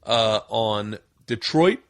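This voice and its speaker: A middle-aged man hosting a podcast in casual chat, telling stories with lots of swearing and loud acted-out quotes. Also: on the low side, slow pace, no echo. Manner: profane, animated storyteller, acts out quotes with sudden loud jumps. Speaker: podcast host.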